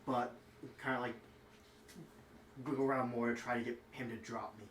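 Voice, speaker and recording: A man's voice: mid-range voice, flat delivery, normal speed, fairly bright tone, a little hiss or hum. Casual man playing a tabletop game. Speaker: player. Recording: echoey room, far from the mic.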